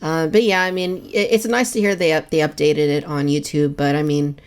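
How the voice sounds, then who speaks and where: A woman's voice: low voice, fairly even intonation, fairly quick. A woman co-hosting a collectors' podcast, chatting in a friendly, laid-back way with light jokes. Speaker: podcast co-host. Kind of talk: casual chat.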